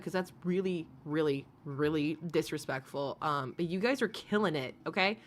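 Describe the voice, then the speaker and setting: A woman's voice: lowish voice, lively intonation, a little fast, few pauses, a bit bright, slight background noise. A woman streamer in casual livestream chat, bubbly and giggly, gushing over her viewers. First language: English.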